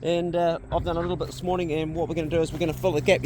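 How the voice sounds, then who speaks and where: A man's voice: on the high side, racing, hardly any pauses, over music. A laid-back man, chatting casually in a vlog from a vegetable garden outdoors. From New Zealand. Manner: laid-back, chatty, lots of yeah and bro. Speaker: vlogger.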